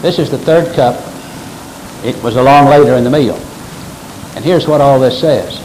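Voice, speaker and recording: A man's voice: mid-range voice, moderate pace, long pauses, a little mellow, a little hiss or hum, rough recording. A man preaching a sermon, explaining scripture with emphatic stress and quoting verses aloud.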